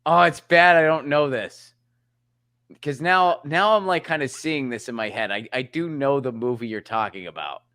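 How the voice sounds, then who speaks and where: A man's voice: medium pitch, moderate pace, no room sound. A man guesting on a casual comedy podcast, exclaiming and poking fun at himself. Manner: animated, self-mocking, exclamatory. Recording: dry close sound.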